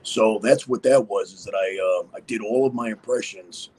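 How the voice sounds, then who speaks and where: Man, podcast guest, husky voice, rambling, lots of fillers. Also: on the low side, moderate pace, darkish tone, low-quality recording. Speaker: guest impersonator. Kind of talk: casual interview chat.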